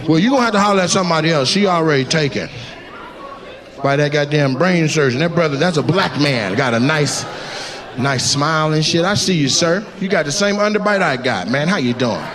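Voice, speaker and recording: Brash, lively male stand-up comedian. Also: on the high side, fairly quick. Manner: brash, profane, teasing. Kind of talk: crowd work stand-up. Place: live comedy venue with audience. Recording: live show with crowd and noise.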